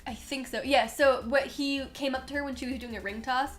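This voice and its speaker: A woman's voice: high voice, steady tone, fairly quick, a bit bright, soft background music. A young woman co-hosting a podcast in casual chat, sarcastic and chatty, acting out scenes in mock voices and laughing often. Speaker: podcast co-host.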